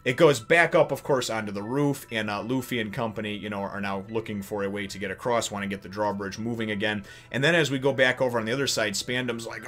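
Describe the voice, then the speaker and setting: A young man hosting a casual manga review, talking with energetic, hyped enthusiasm and animated asides. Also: medium pitch. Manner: energetic, hyped, swings into loud acted-out quotes.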